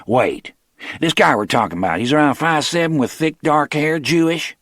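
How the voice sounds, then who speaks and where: A man voicing a high-strung, excitable male crime boss with shrill, rising outbursts, in an audiobook. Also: normal speed, no room sound, clean studio sound. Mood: keyed up.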